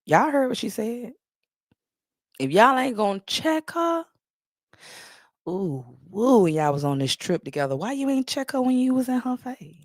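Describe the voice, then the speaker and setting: A woman's voice: fairly high pitch, big pitch swings, measured pace, long pauses, no room sound, clean studio sound. A woman hosting a live-stream gossip commentary in a sassy, mocking way, full of slang. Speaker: livestream commentator.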